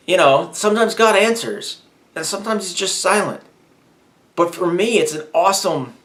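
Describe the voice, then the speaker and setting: A man's voice: sits high, a bit bright. Candid man venting in a vlog. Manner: candid, venting, grows heated and emphatic. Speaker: vlogger. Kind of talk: personal faith vlog.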